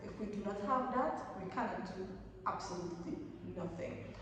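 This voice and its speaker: In an echoey room, a distant-sounding young woman gives new-year tips as a vlogger, motivating emphatically and restating her points. Her voice is mid-range at normal speed, with crowd noise in the background.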